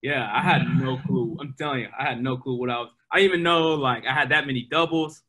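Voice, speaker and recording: A young man, a pro baseball player, telling animated stories in a casual interview, full of fillers. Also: mid-range voice, fast. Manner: animated, excitable, many fillers. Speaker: guest, professional baseball player.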